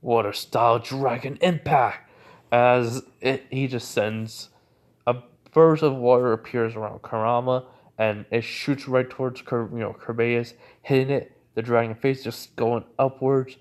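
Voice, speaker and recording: Casual male storyteller, middle pitch, rambling with lots of fillers. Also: darkish tone, clear, resonant tone. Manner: rambling, heavy use of "you know" fillers. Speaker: fan storyteller. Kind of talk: casual retelling of a fan-made crossover story.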